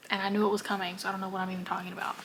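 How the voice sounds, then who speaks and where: A woman's voice: medium pitch, flat delivery, racing, a bit bright, slight background noise. A young woman talking casually in a reading vlog, emotional and often dropping to a whisper. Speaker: book vlogger.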